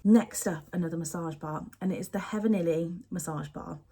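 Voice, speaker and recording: A woman's voice: lowish voice, a little fast, warm tone, husky. A young woman, chatting casually and gushing to camera about beauty products she misses. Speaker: beauty vlogger.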